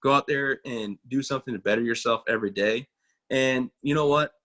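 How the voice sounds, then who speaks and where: In a brisk, slightly bright mid-range voice, a veteran of the army in his thirties chats as a guest in a relaxed interview. The motivational speaker tells folksy stories with self-mockery and imitates the people he quotes.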